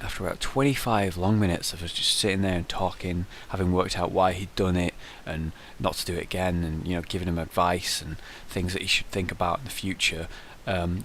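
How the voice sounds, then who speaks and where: Low-voiced guy rambling through questions. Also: a bit bright, slight background noise. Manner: rambling, conversational storytelling with frequent fillers. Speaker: YouTuber answering viewer questions. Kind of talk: casual Q&A vlog.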